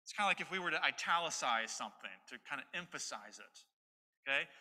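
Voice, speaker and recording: A man's voice: fairly high pitch, lively intonation, fast, bright, forceful tone. A man preaching an expository sermon as pastor, stressing his points through repetition. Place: church sanctuary. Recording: long hall reverb.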